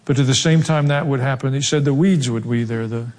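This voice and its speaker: Southern pastor preaching in a reverberant hall. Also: male voice, medium pitch, fairly quick, darkish tone. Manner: earnest, emphatic preaching with repeated exhortations. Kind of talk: sermon.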